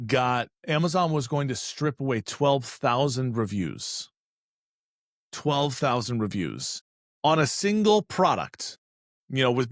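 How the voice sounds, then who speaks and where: A man chatting on a business podcast as an e-commerce expert, telling animated stories and acting out voices with joking asides. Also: mid-range voice, no room sound, clean studio sound. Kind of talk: casual podcast conversation.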